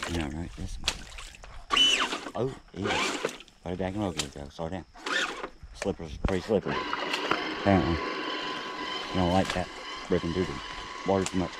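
A man's voice: deep voice, normal speed, long pauses. A man giving chatty, folksy commentary outdoors at a creek while driving a toy truck. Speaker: RC hobby vlogger. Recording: loud outdoor creek noise.

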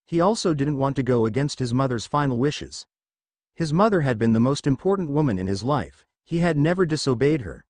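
Brief: male narrator for an adventure fan-fiction audiobook, lively intonation, dry booth sound. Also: medium pitch, no echo. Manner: expressive, reads dialogue tags aloud.

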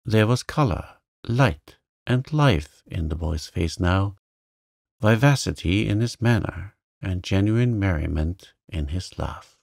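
Slow, gravelly, calm male storyteller. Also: sits low, no room sound, clean studio sound. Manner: gentle, soothing. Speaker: narrator. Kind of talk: calm bedtime story reading.

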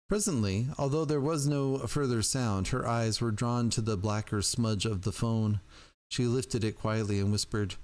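A man's voice: lowish voice, fairly even intonation, normal speed, a little mellow. A man reading a book aloud to his stream audience in a casual, chatty way.

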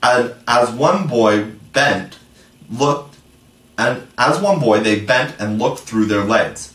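A man reading a classic children's story aloud in a measured, expressive way. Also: mid-range voice, recorded from a distance. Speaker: audiobook reader. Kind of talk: storybook narration. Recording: echoey room, voice from afar.

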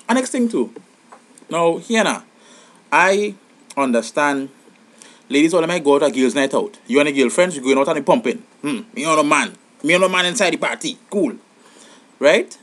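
A young man giving comic advice in an animated, exasperated vlog monologue. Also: moderate pace, long pauses. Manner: animated, exasperated, rising to high outbursts. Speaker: vlogger.

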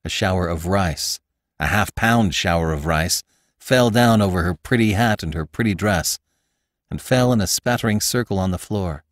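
Expressive low-voiced male storyteller. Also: no room sound, clean studio sound. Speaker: audiobook narrator and podcast host. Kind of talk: scripted narration.

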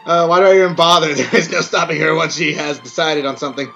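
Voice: medium pitch, quick pace, muffled recording, slight background noise. A player reading a game's story aloud and reacting with swearing and laughs. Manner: swears a lot, laughs, animated asides. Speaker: game player.

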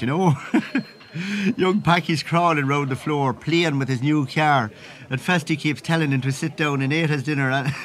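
Chatty Irishman, Irish accent, rambling phone gossip, chuckles often, comic monologue, slightly high voice. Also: a bit bright. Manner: rambling, chuckles through his own gossip. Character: chatty gossiping Irishman phoning from the pub at Christmas.

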